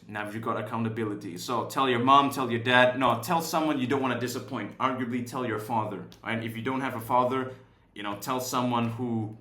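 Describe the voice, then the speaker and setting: A young man talks through an online lesson with loud, restless energy. He swears often and keeps throwing in "right?" while he talks. His voice sits at an everyday middle pitch, and it carries a clear roomy echo. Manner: profane, high-energy, keeps asking "right?". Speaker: course instructor.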